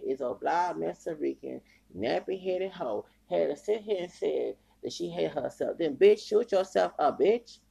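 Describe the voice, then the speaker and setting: A man hosting a podcast launches into a heated, profane rant and keeps circling back to the same phrases. His voice sits a bit high for a man but is deeply gravelly and husky, with a dark, mellow timbre. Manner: heated, profane ranting with repetition. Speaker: podcast host.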